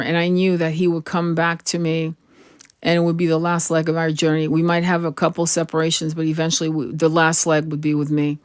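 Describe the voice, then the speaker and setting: A woman's voice: lowish voice, a little mellow, no room sound, clean studio sound. Frank woman giving spiritual advice. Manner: earnest, frank, swears casually, repeats and restarts phrases. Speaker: tarot reader.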